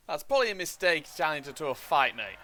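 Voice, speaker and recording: A man's voice: a little high, very animated, fast, pushed and bright, a little hiss or hum. A man streaming a video game and making casual, wry comments on the story. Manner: wry asides. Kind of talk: casual live gameplay commentary.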